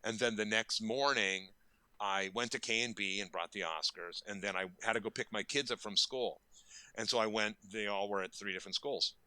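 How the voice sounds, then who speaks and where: A man's voice: lowish voice, normal speed, bright, forceful tone, clean tone, dry recording. A man in his fifties, a makeup effects artist, telling stories casually in an interview and acting out quoted lines with bursts of energy.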